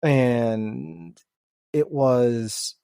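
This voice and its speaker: Male podcast host, relaxed and chatty, dry recording. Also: mid-range voice, extremely slow, creaky, clean tone, no room sound. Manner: relaxed, many "you know" fillers. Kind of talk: casual interview chat.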